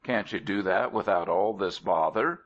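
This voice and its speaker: A man's voice: sits low, moderate pace, lightly acted. A man voicing a snappish, hungry fish. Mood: angry. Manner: snappish and impatient. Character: hungry, bad-tempered female fish. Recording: dull lo-fi recording.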